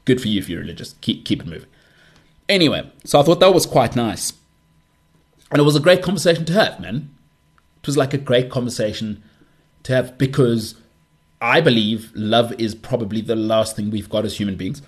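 A man's voice: medium pitch, lively intonation, a little fast, pauses often. A man hosting his podcast in a casual solo monologue, rambling and self-deprecating, with frequent restarts. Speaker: podcast host.

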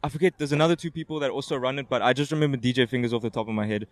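A man's voice: medium pitch, rapid-fire, no echo. A man chatting as a guest at an outdoor interview, rambling and slangy, holding a handheld mic. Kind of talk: casual chat. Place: outdoors at a skate park. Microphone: handheld microphone.

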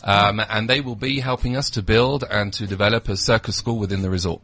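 A man's voice: steady tone, brisk, pushed and bright, husky. A British man in his thirties, a travel company representative, talking up holiday destinations as a radio studio guest, with lots of ums. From United Kingdom. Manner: enthusiastic salesy pitch with frequent ums. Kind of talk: radio interview.

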